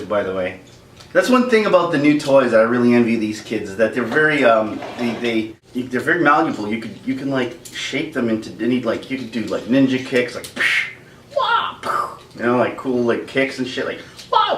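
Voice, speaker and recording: A man chatting casually in an unboxing video, animated and joking, throwing in sound effects. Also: medium pitch, echoey room, recorded from a distance, slight background noise. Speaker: toy vlogger and comedian.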